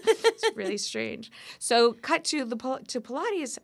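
A woman guest in an interview, telling personal stories in an animated, expressive way. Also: a little high, normal speed, hardly any pauses. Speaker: entrepreneur guest.

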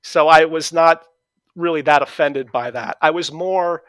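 A middle-aged man from New England with a New England accent, a guest calmly telling stories about his past with many fillers and restarts. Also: a little high, a little slow, no room sound. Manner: relaxed storytelling with fillers and restarts. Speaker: interview guest. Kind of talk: conversational reminiscing.

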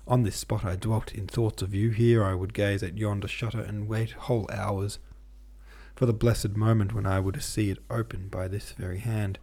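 A man's voice: fairly low pitch, little pitch movement, normal speed, mellow. A man reading the lines of a proud, brooding young man in love, in an intense, self-reproaching way. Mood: impassioned.

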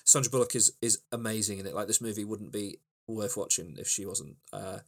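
Male co-host with a lowish voice, rambling through film plots. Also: a little fast. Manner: rambling, many ums and restarts. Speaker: podcast co-host. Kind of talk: casual film chat.

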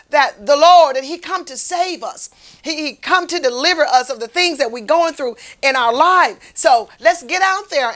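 Woman lay minister, bright ringing tone, urgent sermon cadence. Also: high-pitched. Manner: fervent, repetitive exhortation. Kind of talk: street-preaching sermon.

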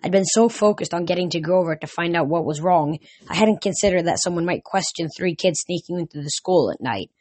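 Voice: mid-range voice, animated, brisk, hardly any pauses, a little mellow, no room sound. A reader narrating a first-person adventure story casually, with slips and restarts. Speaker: audiobook reader.

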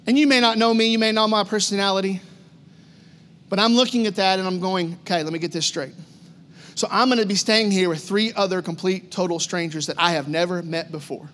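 A male pastor preaching a storytelling sermon in an animated, conversational way, full of repetition. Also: high-pitched, brisk, in a large hall.

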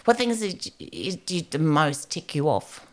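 Low-voiced, lively woman. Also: a little slow. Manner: animated storyteller, swears freely. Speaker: podcast co-host. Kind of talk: casual chat.

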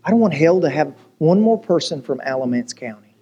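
A male pastor preaches in a lively, storytelling way. He jokes, asks the crowd rhetorical questions, and keeps his voice a little higher than most men's. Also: brisk, husky, dull audio. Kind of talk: sermon.

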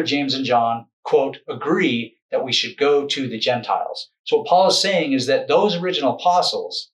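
A man's voice: medium pitch, rough recording. A man who is a video lecturer and author, explaining in a loose, conversational way and often correcting himself mid-sentence.

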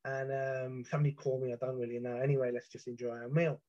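A British man telling a first-person account of a past ordeal, intense and halting, with frequent restarts. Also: medium pitch, level tone, warm tone. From Britain. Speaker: storyteller. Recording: muffled lo-fi recording.

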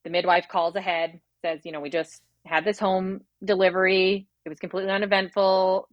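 A woman's voice: mid-range voice, level tone, no echo, lo-fi sound. Woman telling a raw birth story. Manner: quick, rambling, many fillers and acted-out inner quotes. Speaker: guest sharing her birth story. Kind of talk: emotional personal storytelling.

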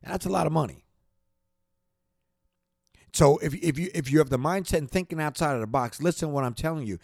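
A man's voice: a little high, fairly quick, vocal fry, a little mellow, no room sound, studio quality. A man hosting a podcast, giving a passionate motivational talk that repeats itself, builds in intensity and keeps circling back. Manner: passionate, repetitive, gets worked up then apologizes. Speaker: podcast host.

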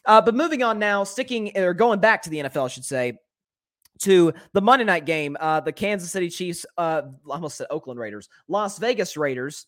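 A man hosting a solo sports talk show, giving animated and opinionated commentary and often repeating words as he thinks. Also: high voice, fairly quick. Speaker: sports podcast host.

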